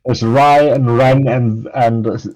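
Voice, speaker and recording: A man's voice: medium pitch, fairly even intonation, slow pace, darkish tone, rough recording. A man chatting casually as a player in a tabletop role-playing game, easygoing with short replies.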